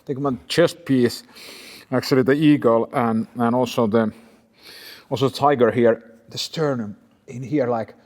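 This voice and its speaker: Halting male podcast host, reverberant. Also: medium pitch, fairly even intonation, darkish tone. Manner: halting and reflective, with restarts. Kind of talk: casual conversation. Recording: long reverb.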